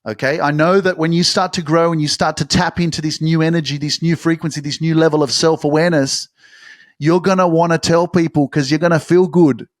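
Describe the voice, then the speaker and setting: A man giving a motivational monologue in an animated, casual way, acting out excited quotes and swearing now and then. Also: fairly high pitch, fairly quick, no echo, clean studio sound. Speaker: motivational speaker.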